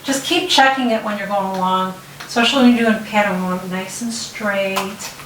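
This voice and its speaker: A middle-aged woman hosts a relaxed hands-on tutorial, chatting as she works and often pausing to check in. Her voice sounds set back from the mic in a roomy space. A faint hiss sits under it. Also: medium pitch, distant mic. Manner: chatty, talks while working, frequent restarts and "okay?" check-ins. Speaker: DIY tutorial host. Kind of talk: casual step-by-step demonstration.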